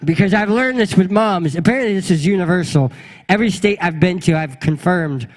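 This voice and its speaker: With a high pitch and brisk delivery, a young adult pastor animatedly recounts a funny story from his childhood, voicing the people in it. It's a storytelling sermon given in a large hall.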